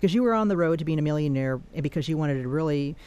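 A man's voice: fairly high pitch, animated, quick pace, a little mellow, clean tone. A man hosting an interview show, asking questions and giving brief affirmations. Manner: supportive, frequent brief affirmations. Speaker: podcast host.

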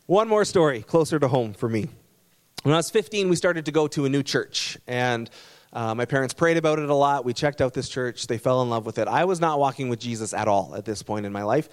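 A man's voice: medium pitch, fairly quick. A man pastor preaching a sermon, telling stories in an earnest, conversational way. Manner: storytelling, earnest.

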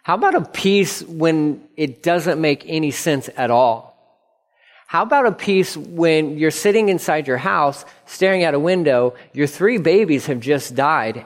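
A middle-aged man preaching a sermon as pastor, earnest, repeating phrases for emphasis. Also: fairly high pitch. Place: church sanctuary. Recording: long reverb of a church hall.

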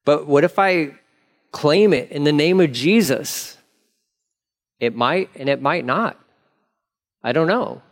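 A man's voice: a little high, expressive, takes it slowly, long pauses. A man preaching a sermon in a candid, conversational way, acting out prayers as he talks. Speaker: pastor.

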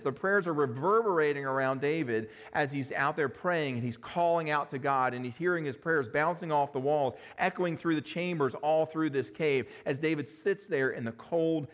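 A male pastor preaches to his congregation and tells the story with earnest drama. His voice sits a little high for a man. He speaks loosely, with fillers and restarts, and leans into vivid scenes. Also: fairly bright tone. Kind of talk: sermon.

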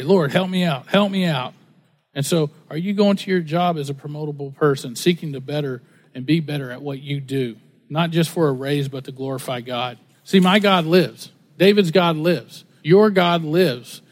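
A man with a high voice preaches in an easygoing, conversational way, stumbling over and repeating words. The sound carries a long reverb, as in a large hall. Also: darkish tone. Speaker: pastor. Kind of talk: sermon.

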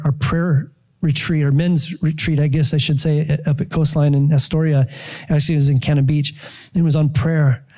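Mellow-voiced male pastor telling a story. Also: on the high side. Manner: animated storytelling, acts out his own prayers and surprise. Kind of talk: sermon testimony.

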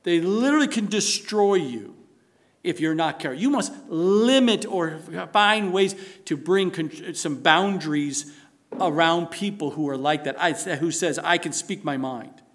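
A man's voice: fairly high pitch, lively intonation, measured pace, a bit bright. A man, a pastor, preaching a sermon in an earnest, emphatic way and pressing his listeners with rhetorical questions.

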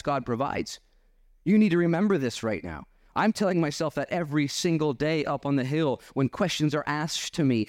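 A pastor in full flow, preaching with a lively, swinging voice that rises high for acted-out lines and drops low for serious points. He sounds dry and close to the microphone, with no room echo. His tone is conversational and animated, as if he is talking straight to the congregation. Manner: animated, acting out voices and dialogue. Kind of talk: sermon. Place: church.

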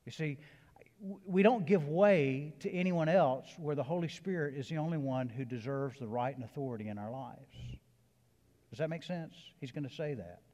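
A Southern-accented man preaching, his voice sitting a little high for a man. He swings between quiet, chatty asides and loud, emphatic peaks. The sound trails off into the long reverb of a church hall. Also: normal speed. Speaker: pastor. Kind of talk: sermon. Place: church sanctuary.

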